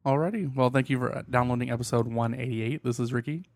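A man's voice: mid-range voice, quick pace, darkish tone, dry recording. A man hosting a casual podcast, easygoing as he reads listener reviews and wraps up the show. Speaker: podcast host.

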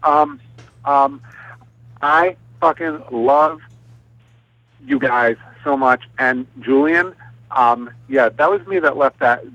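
A man's voice: medium pitch, bright, forceful tone, no echo. Guy leaving a rambling voicemail, lots of ums, dull muffled line. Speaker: caller. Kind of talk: recorded voicemail call-in. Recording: muffled dry voicemail audio.

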